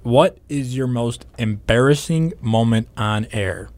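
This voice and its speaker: A man's voice: mid-range voice, slow, a little mellow. A man, a news anchor, chatting casually with a colleague in a playful, easy-laughing way. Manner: playful, laughs easily, asks questions. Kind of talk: casual chat.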